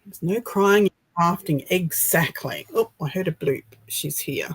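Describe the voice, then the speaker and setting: Slow-talking, husky-voiced Australian woman. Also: fairly low pitch, low-quality recording. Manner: excitable, breathless, sighing. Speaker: livestream host. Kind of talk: casual livestream chat.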